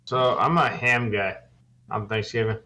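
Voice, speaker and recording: A man's voice: on the low side, fairly even intonation, unhurried, sharp tone. A young man co-hosting a podcast in casual chat, laid-back and teasing. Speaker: podcast co-host.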